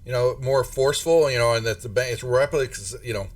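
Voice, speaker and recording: A man's voice: medium pitch, quick pace. Rambling male game master, distant mic. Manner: rambling, full of restarts. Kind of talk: narrating a tabletop game. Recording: distant mic with faint music.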